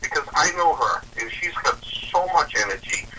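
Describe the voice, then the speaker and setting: A man's voice: on the high side, animated, normal speed, bright, forceful tone, recorded from a distance, a little hiss or hum, rough recording. A man from Massachusetts, a guest talking politics in an earnest, persuasive way. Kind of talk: political discussion.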